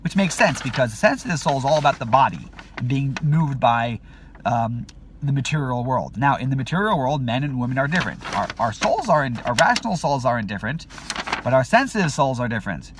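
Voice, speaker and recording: A man hosts a video in a casual, rambling monologue full of restarts and fillers, acting out quotes with sudden high-pitched outbursts. His voice is sing-song and brisk, with a little hiss or hum in the audio.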